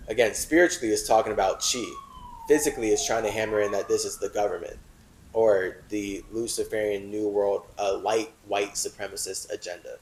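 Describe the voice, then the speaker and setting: A man hosting a talk show who reads a text aloud and comments on it, switching between solemn reading and animated asides full of "like". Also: on the low side, fairly quick, echoey room, rough recording. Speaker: host.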